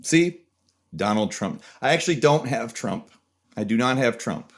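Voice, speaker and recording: A man's voice: medium pitch, a little slow. Young guy doing a jokey casual tutorial, voice jumps around a lot. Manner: animated, jokey, chatty explaining. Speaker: video creator.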